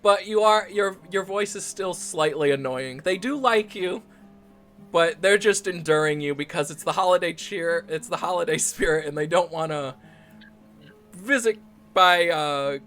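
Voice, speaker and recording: A man's voice: sits high, measured pace, a bit bright, soft background music. A man narrating as game master of a tabletop game, rambling with frequent restarts and laughs.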